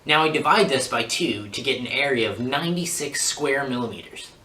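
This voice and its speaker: Male mock reporter, upbeat explainer, lively bright voice, echoey room. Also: mid-range voice, a little fast. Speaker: field reporter. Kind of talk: mock news segment, explaining math.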